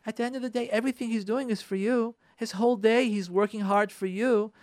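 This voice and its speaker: Relationship storytelling and marriage advice come from a radio man whose voice sits high, with fairly even intonation and a slightly quick pace. He repeats phrases for emphasis and addresses the listeners head-on, recorded cleanly in a studio with no echo.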